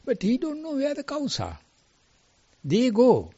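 A man's voice: very high-pitched, huge pitch swings, unhurried, mellow, husky, no room sound, lo-fi sound. Man telling a dharma story, non-native phrasing. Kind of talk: dharma talk.

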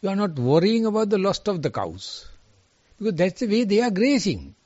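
A man giving a dharma talk as a monk teacher, telling a sutta story with non-native phrasing and swinging pitch. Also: very animated, fairly quick, a little mellow, no echo, highs cut off.

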